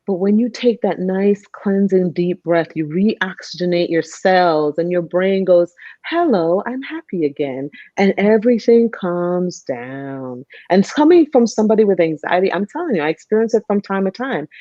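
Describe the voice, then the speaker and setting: A woman's voice: fairly low pitch, moderate pace, no room sound. A woman who works as a nurse, talking earnestly in a casual conversation and acting out how she coaches patients through their breathing. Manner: earnest, acts out patients and her own calm coaching. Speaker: nurse, guest. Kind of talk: casual conversation on a video call. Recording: dull, muffled video call audio.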